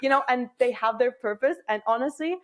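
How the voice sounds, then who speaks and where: A woman's voice: a little high, fairly quick. Young woman from england on a podcast, swearing, laughing, acting out her thoughts. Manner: candid, profane, laughs often, acts out her own thoughts. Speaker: podcast guest. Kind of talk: casual chat.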